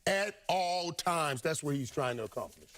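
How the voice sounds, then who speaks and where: A man's voice: a little high, animated, normal speed, a bit bright. A man working as a studio football analyst, talking emphatically and repeating words for stress. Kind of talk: studio sports talk.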